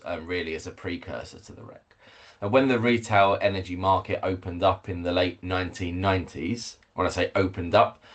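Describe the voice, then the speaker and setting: Low-voiced guy giving a work webinar on a call, lots of ums and restarts. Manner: measured, with frequent fillers and restarts. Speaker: head of communications. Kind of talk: webinar presentation. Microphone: video call.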